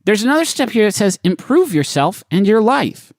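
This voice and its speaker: A man co-hosting a comedy podcast, reading out advice articles and riffing on them with crude humor. His pitch swings around a lot as he jokes, and the sound is dry and close. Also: big pitch swings, normal speed, no echo. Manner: crude, joking, reads out web articles. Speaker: podcast co-host.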